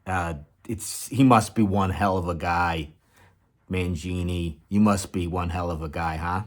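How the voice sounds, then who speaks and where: A young adult man hosting a comedy channel, rambling in a sarcastic, mock-enthusiastic deadpan sketch. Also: low voice, measured pace.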